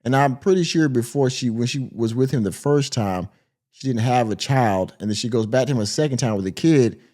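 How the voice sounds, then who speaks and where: A man's voice: medium pitch, a little fast, darkish tone. A man hosting a reaction commentary podcast, speaking in a mocking, sarcastic way. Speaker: commentary host.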